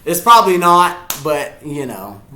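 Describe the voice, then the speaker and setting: A man giving excitable live reaction commentary on a football game, yelling at the players and chuckling often. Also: on the high side, slow pace, roomy sound, slight background noise. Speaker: sports fan reacting to a game.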